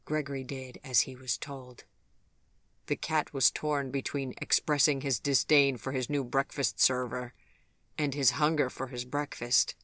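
Brief: male storybook narrator, mid-pitched, calm and measured, dry close sound. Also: dry recording. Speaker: audiobook narrator. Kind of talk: scripted narration.

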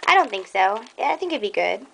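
Chatty excited woman showing off craft supplies. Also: medium pitch, fast, gravelly, slight background noise, low-quality recording. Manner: chatty, excitable, rambling with many ums. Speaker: scrapbooking vlogger. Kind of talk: casual show-and-tell haul video.

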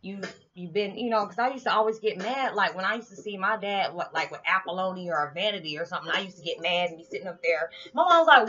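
A woman talking casually to her viewers about spiritual matters, animated and often laughing. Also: mid-range voice, quick pace, few pauses. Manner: animated, laughing, lively swings in loudness. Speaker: vlogger. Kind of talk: casual spiritual vlog talk. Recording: dull lo-fi sound with faint music.

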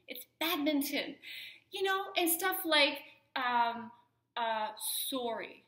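A woman vlogging in casual chat to camera, gushing and effusive, sometimes dropping to a soft whisper. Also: high voice, expressive, slow, roomy sound. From Canada.

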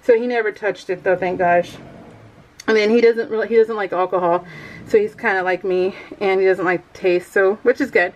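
A woman's voice: mid-range voice, fairly even intonation, moderate pace, low-quality recording. A middle-aged woman chatting casually while she crafts, rambling and laughing often as she tells a story. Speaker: scrapbooking vlogger.

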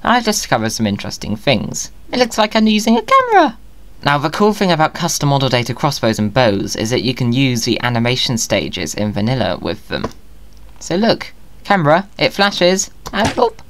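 Male gamer, playful and jokey commentary, very animated intonation. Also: mid-range voice, moderate pace. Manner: playful, jokey, talks to himself. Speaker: Minecraft video creator. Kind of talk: casual gameplay commentary.

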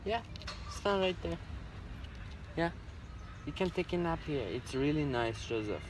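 A pet owner coaxes his cockatoo at a farm, repeating words to it affectionately while filming. He speaks in an animated, slightly high voice at a measured pace, and background noise can be heard.

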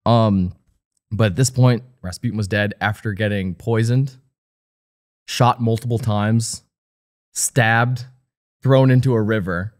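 A man's voice: on the low side, steady tone, slow pace, pauses often, dry recording, studio quality. A man co-hosting a podcast, recounting researched notes in casual chat, laid-back and hesitant with many fillers. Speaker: podcast co-host.

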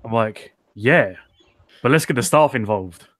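A man's voice: medium pitch, lively intonation, measured pace, a bit bright, no echo. A man in casual chat, telling a story about pranking a friend and laughing along. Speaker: friend on the stream.

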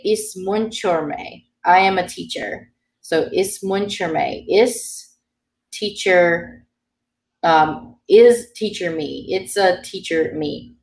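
Low-voiced woman teaching from afar. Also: a little mellow. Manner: patient, explanatory, frequent ums. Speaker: Irish language teacher. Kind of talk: explaining grammar in an online class. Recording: roomy sound from a distant mic.

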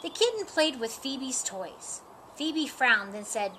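A woman reading a children's picture book aloud in a slow, expressive, sing-song way. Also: high-pitched, slight background noise. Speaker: storybook reader.

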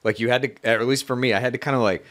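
A man's voice: mid-range voice, steady tone, rapid-fire, fairly bright tone. A man co-hosting a podcast in casual chat, emphatic and full of fillers and swearing. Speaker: podcast co-host.

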